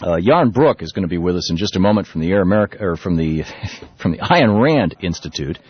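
A man's voice: low-pitched, fairly quick, husky. A man hosting a political talk radio show, speaking loosely with frequent restarts and fillers. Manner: loose, animated delivery with many restarts and fillers. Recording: muffled lo-fi radio broadcast.

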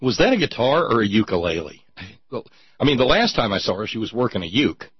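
Sardonic talk-show man, husky lo-fi voice. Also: medium pitch, very animated, fairly quick, no echo. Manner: mocking, reads listener messages aloud. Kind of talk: casual sardonic commentary. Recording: dull lo-fi sound.

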